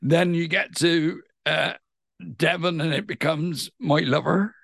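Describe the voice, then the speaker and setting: Chatty high-voiced man with gravelly edge. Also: takes it slowly, no room sound, clean studio sound. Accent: West Country English. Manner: chatty and enthusiastic, animated storytelling. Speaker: pantomime actor. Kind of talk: casual interview chat.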